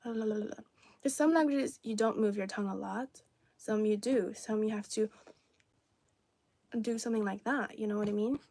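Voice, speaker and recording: A woman's voice: mid-range voice, moderate pace, pauses often, warm tone, dry recording. A young woman from China, a native Cantonese speaker, chatting casually on a livestream and answering viewers' comments. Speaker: livestream host. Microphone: phone or camera on tripod.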